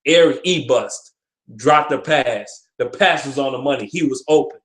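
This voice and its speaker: A man's voice: medium pitch, moderate pace, fairly bright tone. Man ranting angrily in an echoey room. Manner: frustrated, profane, repetitive ranting. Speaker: sports fan vlogger. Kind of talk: ranting sports commentary.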